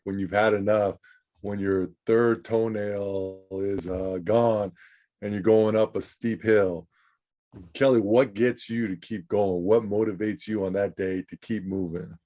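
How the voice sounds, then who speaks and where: A man's voice: lowish voice, fairly even intonation, a little slow, dark tone. A man hosting a podcast, asking questions with curious amazement. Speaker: podcast host. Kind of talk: interview questions.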